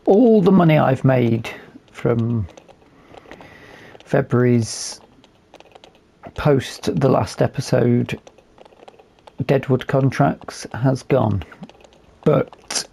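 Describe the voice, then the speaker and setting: A man with a hoarse, fading voice, calmly commentating a game as he plays and thinking aloud with fillers. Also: medium pitch, drawn-out words, long pauses, a little hiss or hum. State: losing his voice. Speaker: gaming video host.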